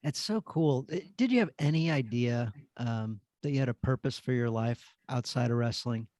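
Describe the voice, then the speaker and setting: A man's voice: medium pitch, moderate pace, a little mellow, dry recording, clean studio sound. A man hosting a podcast, chatting eagerly and retelling his own reactions. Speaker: podcast host. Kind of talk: casual interview chat.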